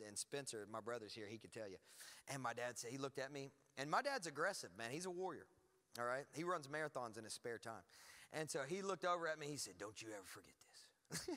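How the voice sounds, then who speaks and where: A man preaching a lively sermon as pastor, emphatic and energetic with frequent asides. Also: mid-range voice, big-room sound. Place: church hall.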